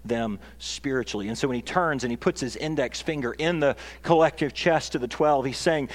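Pastor guy preaching, earnest, gets loud and emphatic, long echoey church reverb. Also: mid-range voice, lively intonation, brisk, few pauses. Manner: earnest, building to emphatic peaks. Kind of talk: sermon. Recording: long reverb of a large hall.

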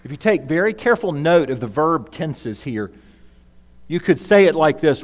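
A man's voice: on the high side, big pitch swings, moderate pace. Emphatic preaching man in echoing hall. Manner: emphatic, swings between loud and hushed. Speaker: pastor. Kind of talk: sermon. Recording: long reverb of a large hall.

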